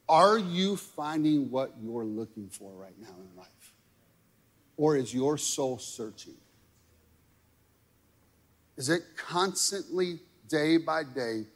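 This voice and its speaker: A man's voice: on the high side, in a large hall. A man preaching a sermon in a casual, conversational way, often checking in with the crowd by asking "right?" and "okay?". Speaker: pastor.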